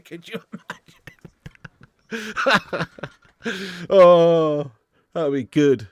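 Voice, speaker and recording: A man's voice: fairly high pitch, expressive, drawn-out words, pauses often, fairly bright tone, no room sound, clean studio sound. A man hosting a live football watch-along stream, joking with chat in slangy banter and laughing often.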